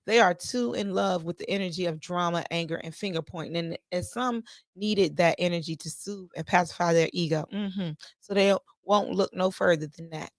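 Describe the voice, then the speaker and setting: Here an adult podcast host with children talks solo to her audience in a lively, sassy manner, throwing out one emphatic rhetorical question after another. She has a lowish voice at normal speed, recorded at studio quality without echo.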